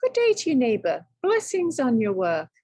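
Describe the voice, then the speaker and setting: A woman voicing a clever, boastful young farm lad in a read-aloud storybook, in an eager, bright voice. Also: a little high, wildly swooping pitch, moderate pace, breathy edge, dry recording, pitched above the performer's own voice, exaggerated voice.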